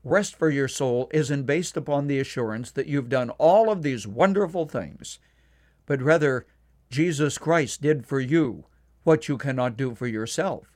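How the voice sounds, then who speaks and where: A man delivering a scripted devotional radio commentary in a measured, earnest way, slowing down to stress key points. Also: medium pitch, a little mellow. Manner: measured, earnest, slows down for emphasis.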